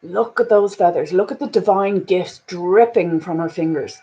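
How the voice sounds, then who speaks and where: Woman reading oracle cards; earnest, repetitive, drops to a hush then rises emphatically. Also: on the low side, moderate pace, muffled recording. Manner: earnest, repetitive "you know" fillers; swings between hushed and emphatic. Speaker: spiritual card reader.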